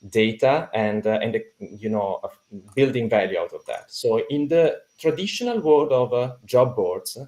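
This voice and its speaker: A man's voice: mid-range voice, lively intonation, normal speed, a little mellow. A man with an Italian accent, speaking as a podcast guest in a hesitant way, with many fillers and restarts. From Italy. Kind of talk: conversational interview.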